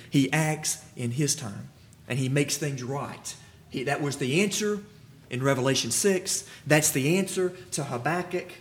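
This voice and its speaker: A man preaching a sermon, acting out dialogue from scripture, with lively swings and some stammering restarts. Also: a little high. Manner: animated, acts out biblical dialogue, restarts and stammers.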